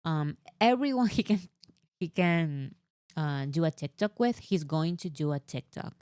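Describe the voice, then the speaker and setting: A woman with a fairly low voice talks through a casual fan chat, animated and a little exasperated, piling on fillers as she over-explains. The sound is dry and close, with no room echo. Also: unhurried, clear, resonant tone. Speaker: co-host.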